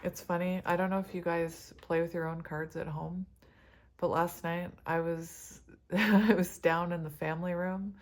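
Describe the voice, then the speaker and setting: A lowish-voiced woman gives her viewers a casual tarot reading about spiritual love and energy, turning emotional and tearful while laughing often. There is noise in the background.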